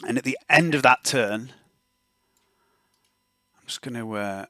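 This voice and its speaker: A man's voice: mid-range voice, unhurried, pushed and bright, no echo. A man narrating as game master of a tabletop game, rambling with frequent hesitations and restarts.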